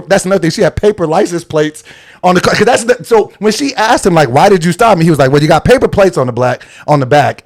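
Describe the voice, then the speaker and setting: Animated man telling a story. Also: fairly high pitch. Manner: animated storyteller acting out quotes, laughing often. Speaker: podcast co-host. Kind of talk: casual storytelling.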